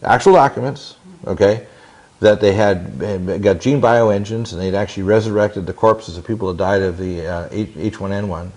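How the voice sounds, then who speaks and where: A man's voice: lowish voice, steady tone, normal speed, darkish tone. A man in his sixties telling long stories in an interview, intense and rambling, with many restarts and quoted dialogue. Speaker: interview guest. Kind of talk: long-winded interview storytelling.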